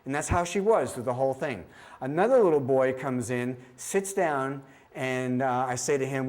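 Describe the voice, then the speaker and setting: A middle-aged presenter with a medium-pitched voice and moderate pace gives a training talk on children's hearing screening. He's a vivid storyteller who voices the kids and reproduces the test beeps during his demonstrations.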